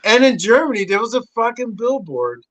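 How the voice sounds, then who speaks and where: A middle-aged man talks as a podcast guest in a high, bright voice, cussing freely as he tells a story. He jumps sharply up in pitch whenever he acts out what someone said. The sound is close and dry, with no room in it. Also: a little fast, no room sound, poor audio. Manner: animated, profane, acts out quotes with big pitch jumps. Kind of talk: casual storytelling chat.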